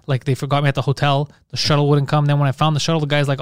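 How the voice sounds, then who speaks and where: Comedian podcast host, quick and animated, clear voice, close dry mic. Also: male voice, a little high, no room sound. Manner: animated storytelling, heavy swearing. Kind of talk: casual podcast chat.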